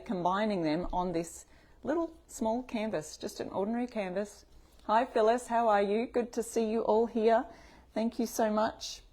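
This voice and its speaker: A woman's voice: medium pitch, mellow. A woman with an Australian accent hosting a live craft tutorial stream, chatting and greeting viewers by name.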